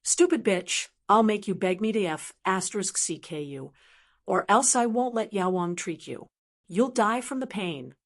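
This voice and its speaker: A woman's voice: medium pitch, animated, moderate pace. A woman voicing a crude, arrogant rich young man who boasts and leers, read out in an audiobook. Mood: spiteful. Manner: boastful and lewd.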